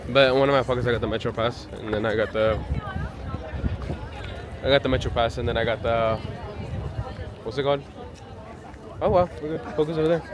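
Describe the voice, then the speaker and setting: A man rambles through a casual travel vlog, joking at his own expense in a mid-pitched voice. He walks outdoors with a handheld camera, and a lively crowd chatters around him. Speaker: travel vlogger. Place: outdoors at a busy palace grounds. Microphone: handheld camera while walking.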